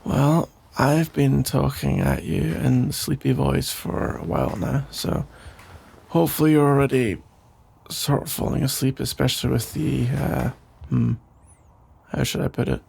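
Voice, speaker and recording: Man doing a gravelly sleepy boyfriend, whispered role-play. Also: mid-range voice, steady tone, measured pace, full character voice. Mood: teasing. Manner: soft sleepy voice, playful rambling. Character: caring, rambling boyfriend putting partner to bed. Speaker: ASMR role-play creator.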